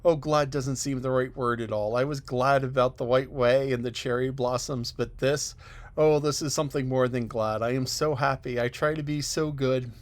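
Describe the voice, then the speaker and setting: A man's voice: medium pitch, steady tone, moderate pace, close to an everyday voice. A man reading an audiobook, voicing an eager, talkative orphan girl who pleads breathlessly and wistfully. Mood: imploring, tearful. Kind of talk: audiobook character voice.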